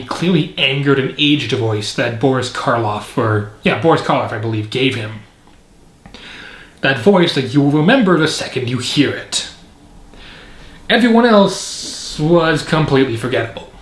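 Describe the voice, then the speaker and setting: A man's voice: medium pitch, animated, moderate pace. A man reviewing a film in casual commentary, rambling and opinionated with frequent fillers. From Canada. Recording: echoey room.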